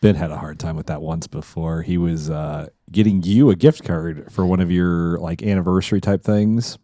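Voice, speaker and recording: A man's voice: low-pitched, moderate pace, mellow, dry recording, studio quality. A man co-hosting a podcast in casual chat, laughing often as he tells stories. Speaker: podcast co-host.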